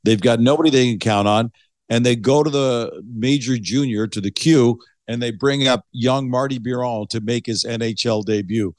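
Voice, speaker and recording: A man's voice: medium pitch, normal speed, no echo. Easygoing male podcast host, dry sound. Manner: easygoing, sets up questions at length. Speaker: podcast host and hockey analyst. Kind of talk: conversational interview.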